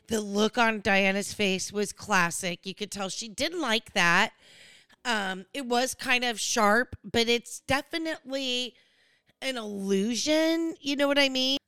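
A woman's voice: a little high, measured pace, pushed and bright, clear, resonant tone, no echo. A woman hosting a reality-show recap, chatting casually in a gossipy, digressive way. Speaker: recap host.

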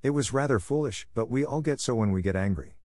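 A man voicing a kind, gentle elderly grandmother who talks to a child with mild, patient earnestness. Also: mid-range voice, lively intonation, fast, dry recording, lightly acted. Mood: kindly. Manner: gentle, kindly lecturing. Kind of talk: audiobook character voice.

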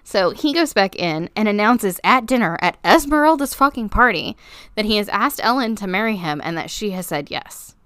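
A woman's voice: medium pitch, expressive, normal speed, a bit bright, clean tone, dry recording, clean studio sound. A woman co-hosting a casual book podcast, retelling a plot loosely, with lots of swearing and fillers. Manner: loose, filler-heavy storytelling. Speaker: podcast co-host.

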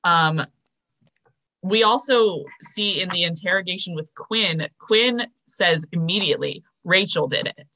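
A woman's voice: fairly low pitch, unhurried, sharp tone. A young woman co-hosting a podcast, casually recapping a TV episode, chatty and full of fillers. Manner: chatty, filler-heavy, storytelling. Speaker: podcast co-host.

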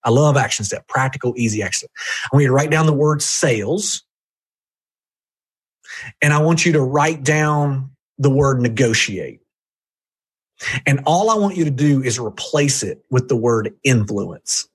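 Male podcast guest, husky voice, punchy coaching delivery with jumpy pitch. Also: lively intonation, measured pace, long pauses. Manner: emphatic, jumpy pitch, direct address to listener. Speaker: guest reviewing a book on sales. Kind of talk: energetic coaching talk.

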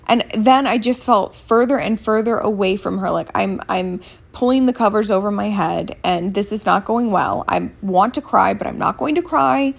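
A woman's voice: mid-range voice, normal speed, gravelly. A woman in her thirties telling a story in a casual vlog, speaking candidly and bluntly and swearing freely, sitting up on a bed at home. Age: 30s.

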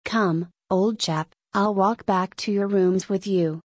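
A woman's voice: mid-range voice, steady tone, breathy edge, no room sound, studio quality. A woman reading as a soothing young officer. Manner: slow, soothing and kind. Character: soothing young male army officer cousin.

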